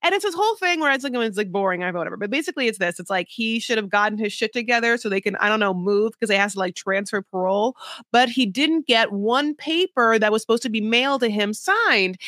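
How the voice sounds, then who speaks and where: A woman's voice: on the high side, animated, fast, fairly bright tone, no room sound, clean studio sound. A woman co-hosting a podcast, recapping reality TV in a rambling, frank chat full of "like" and swearing. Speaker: podcast co-host.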